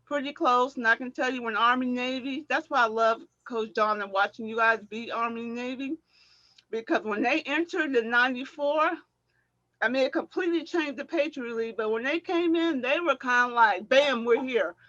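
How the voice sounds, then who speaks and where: A middle-aged woman, a former track athlete, telling animated stories in a casual chat and acting out what people said, often laughing. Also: on the high side, moderate pace, no echo, lo-fi sound. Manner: animated storyteller, acts out quotes, laughs often.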